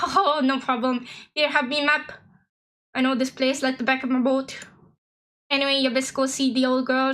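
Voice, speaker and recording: A hearty old sea-dog skipper welcoming a newcomer to port, full of sailor slang and folksy sayings, as a woman puts him on for a game. His voice is cheerful and chuckling, a touch lower and rounder than an everyday speaking voice. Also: fairly bright tone.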